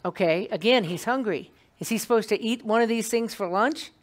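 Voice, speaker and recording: A woman teaching an evening Bible class to a small group in a meeting room, talking in a lively, conversational way and putting questions to the class. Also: a little high, normal speed.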